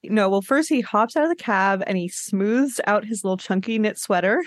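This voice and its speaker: A woman's voice: mid-range voice, moderate pace, no room sound. A woman co-hosting a podcast, making wry jokes in casual recap chat. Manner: wry, joking, laughs along. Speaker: podcast co-host.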